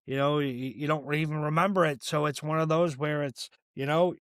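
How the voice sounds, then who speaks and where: A man's voice: on the high side, fairly even intonation, moderate pace, a bit bright, dry recording, clean studio sound. A man hosting a podcast interview, chatting casually with many fillers. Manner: supportive backchannels, rambling with fillers. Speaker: podcast host.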